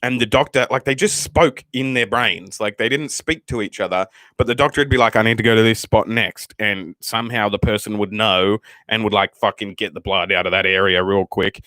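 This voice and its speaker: A man with an Australian accent, a channel host telling a story casually to his viewers, rambling and animated, with frequent swearing. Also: fairly low pitch, brisk, few pauses, no room sound. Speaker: channel host, new father.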